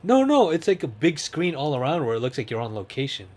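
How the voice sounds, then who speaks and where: A man's voice: fairly high pitch, sing-song, fast talker, darkish tone. A man co-hosting a podcast in casual chat, rambling a little, laughing often and slipping into movie quotes. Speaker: podcast co-host.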